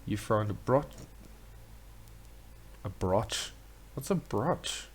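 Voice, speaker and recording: A man's voice: on the low side, animated, extremely slow, pauses often, a little hiss or hum. Playful man reading game text. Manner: chatty, playful, reads lines in silly voices. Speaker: let's play host. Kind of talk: casual gameplay commentary and reading game dialogue aloud.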